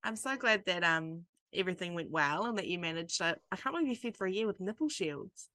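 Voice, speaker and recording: Low-voiced woman hosting a podcast. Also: lively intonation, brisk, sharp tone, no room sound. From New Zealand. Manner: supportive, brief backchannel responses. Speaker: podcast host. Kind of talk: casual interview.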